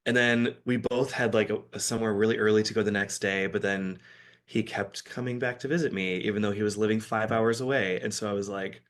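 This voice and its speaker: A man from Michigan, a podcast guest, telling a story in casual, animated chat with frequent laughter. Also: on the low side, brisk.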